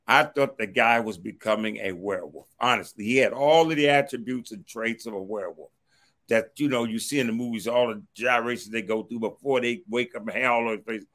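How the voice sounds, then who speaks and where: A middle-aged man from Washington, D.C., recounts a personal story with an animated delivery. His pitch sits in an ordinary middle range. He keeps pulling the thread back with a stock phrase and acts out the voices of the people in it. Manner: animated, acts out others' quoted words, repeats a stock phrase to move on.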